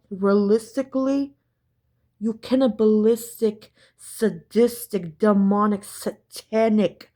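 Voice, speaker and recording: A woman's voice: mid-range voice, darkish tone. A woman telling a story in a casual vlog, profane, emphatic and repetitive.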